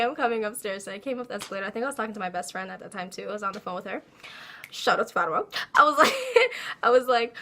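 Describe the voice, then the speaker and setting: A young woman telling a casual storytime, animated and laughing as she acts out her own quotes. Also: a little high. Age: young adult. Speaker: vlogger.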